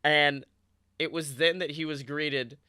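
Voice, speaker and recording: Young guy rambling a goofy made-up story, crisp bright voice, slow. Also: a little high, steady tone, dry recording, clean studio sound. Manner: rambling, playful, crude jokes. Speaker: podcast co-host. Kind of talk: improvised comedic storytelling.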